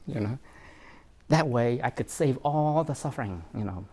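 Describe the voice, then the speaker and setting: A man's voice: mid-range voice, lively intonation, normal speed, mellow. A man, a therapist, giving an informal talk on parenting, reflective and self-mocking, with frequent fillers and laughs.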